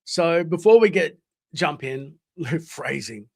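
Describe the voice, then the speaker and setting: A man's voice: fairly high pitch, lively intonation, slow, vocal fry. An Australian man hosting a live stream, chatting casually, swearing freely and reading out comments from chat. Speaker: livestream host.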